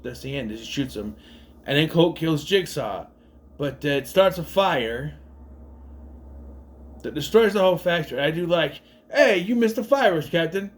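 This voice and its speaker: A man's voice: fairly high pitch, expressive, a little slow, pauses often. Guy recapping a movie casually, rambly, keeps chuckling at the jokes, voice goes up and down a lot. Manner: rambling, laughs at the gags, acts out quoted lines. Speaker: movie reviewer.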